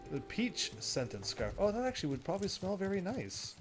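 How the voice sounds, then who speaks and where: A man's voice: sits high, sing-song, fairly quick, hardly any pauses, soft background music. A young man casually commentating as he plays a game, joking and laughing to himself. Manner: jokey, laughs often, talks to himself. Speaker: gaming streamer. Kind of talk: casual let's-play commentary.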